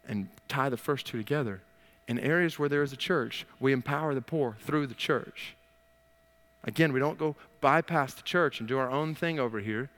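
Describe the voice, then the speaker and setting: A man's voice: a little high, fairly bright tone, clear, resonant tone, big-room sound. A man preaching a sermon as pastor, stressing and repeating his key phrases.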